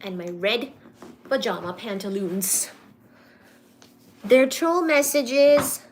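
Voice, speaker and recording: A woman hosting a casual live stream, reading viewer comments aloud and teasing back in a careful, clearly articulated way. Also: fairly high pitch, expressive, slow, pauses often, a little hiss or hum. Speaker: livestream host.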